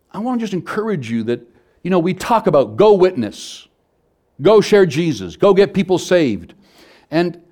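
Conversational male pastor telling stories. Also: on the high side. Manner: conversational storytelling, shifts between soft and loud. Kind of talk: sermon.

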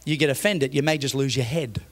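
A man with an Australian accent, a pastor giving a sermon, telling funny stories that build to loud, emphatic points. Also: mid-range voice, a little fast. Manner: humorous storytelling, grows loud and emphatic. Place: church.

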